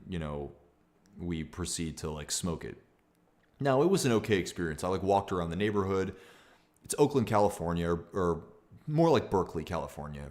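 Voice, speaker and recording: A young man with a very low voice chats candidly on a livestream, circling back on himself with restarts and fillers. He talks loosely and openly, like thinking out loud. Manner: reads viewer comments aloud. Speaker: streamer. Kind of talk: casual livestream talk.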